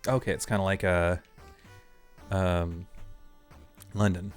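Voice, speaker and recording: A man streaming a video game live, chatting casually in an excitable, rambling way and laughing often. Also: low voice, slow, clean tone, faint music behind.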